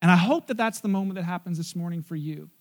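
A man preaching a sermon in church, animated and joking, acting out scenes. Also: high voice, fast talker. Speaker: pastor.

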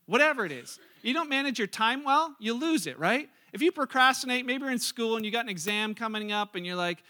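Bright high-voiced male preacher. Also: expressive, a little fast. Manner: conversational preaching, acts out characters' lines with rising energy. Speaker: pastor. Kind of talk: sermon.

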